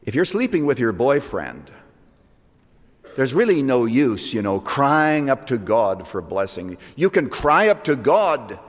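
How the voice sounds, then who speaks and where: A man delivers a sermon at a slow, deliberate pace, his voice swinging widely in pitch. He rises to loud, emphatic peaks and falls to hushed lines. A long reverb trails each phrase, as in a large hall. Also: sing-song. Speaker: preacher.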